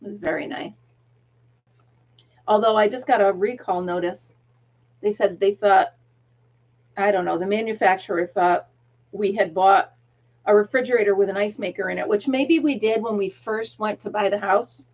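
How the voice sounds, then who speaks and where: A woman's voice: medium pitch, moderate pace, pauses often, a little mellow, muffled recording. A middle-aged woman hosting a casual crochet livestream, chatting, laughing often and counting stitches aloud, with a tickle in her throat. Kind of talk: casual chat while crocheting.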